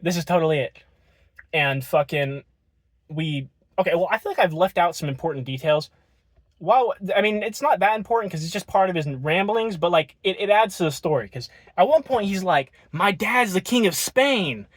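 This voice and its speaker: A man's voice: sits high, moderate pace, no room sound. A man telling a rambling, profane story in a casual storytime vlog.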